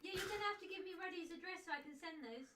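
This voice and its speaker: A woman with a very high, chipmunk-like voice chatting along casually on a live stream. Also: racing, bright, forceful tone. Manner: very high-pitched, teasing, chimes in with greetings. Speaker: co-host partner. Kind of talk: casual chat.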